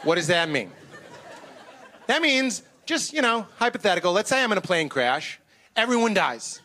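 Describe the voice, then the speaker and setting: A man doing a stand-up comedy set on stage, animated and self-mocking. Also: high voice, moderate pace, a faint crowd. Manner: animated, self-mocking, slips into goofy voices. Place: comedy stage before a live audience.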